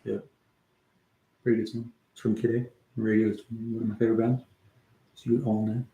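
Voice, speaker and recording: A man's voice: lowish voice, little pitch movement, moderate pace, pauses often, phone-quality sound. A man chatting casually on a music livestream, rambling and meandering, swearing offhandedly and answering his chat as he goes. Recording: echoey room.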